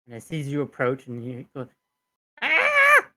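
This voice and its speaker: A woman narrating a tabletop role-playing game as dungeon master, relaxed and a little hesitant. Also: extremely low pitch, quick pace.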